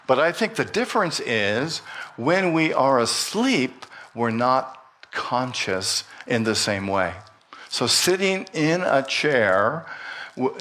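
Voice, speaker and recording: Slow, gentle man leading a meditation. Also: mid-range voice. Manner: slow, gentle and unhurried, with light humor. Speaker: minister. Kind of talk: sermon with guided meditation. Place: church sanctuary.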